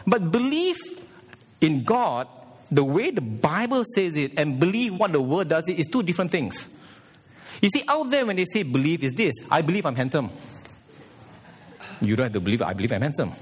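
A male pastor delivering a sermon in a church, his fairly high voice swinging widely in pitch. He preaches with animation, leaning on emphasis and slipping into quoted lines. The delivery stays energetic and expressive throughout.

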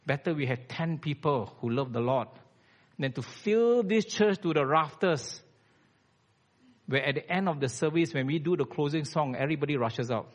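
A man's voice: fairly high pitch, animated, normal speed. A man, preaching a blunt, emphatic sermon as a church elder.

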